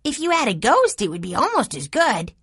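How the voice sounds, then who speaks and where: Eager little boy full of hope, as a woman reads him out, high lively voice, dry close sound. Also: a little fast, slightly rough, dry recording, full character voice. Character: young eager boy, hopeful and excitable.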